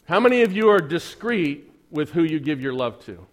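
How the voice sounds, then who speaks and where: A male pastor delivers a sermon in a church in a slightly higher-than-usual voice. He keeps it casual and chatty, asks the congregation rhetorical questions and slips in dry sarcasm. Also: big pitch swings, moderate pace.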